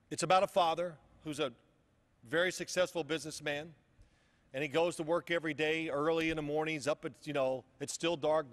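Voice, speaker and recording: A man's voice: fairly high pitch, in a large hall. A man giving a casual motivational speech at a luncheon, telling a story in a rambling way with frequent restarts. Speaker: luncheon speaker. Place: luncheon event hall.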